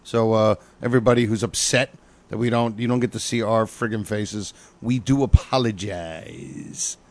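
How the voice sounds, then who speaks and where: A man, a comedian hosting a podcast, telling stories in a profane, animated way. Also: fairly low pitch, moderate pace. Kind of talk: casual chat.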